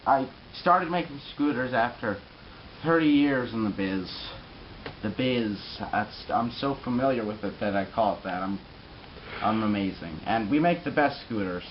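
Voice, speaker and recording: A man's voice: medium pitch, moderate pace, muffled recording, a little hiss or hum, lightly acted. A man playing a boastful, crude pro scooter rider in a mock interview comedy sketch, rambling and bragging. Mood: swaggering.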